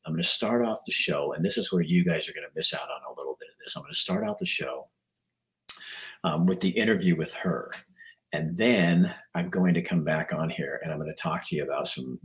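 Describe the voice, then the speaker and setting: Deep-voiced older man, hoarse and rambling. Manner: rambling, folksy, frequent throat-clearing. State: losing his voice. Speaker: livestream host. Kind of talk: casual live-stream chat.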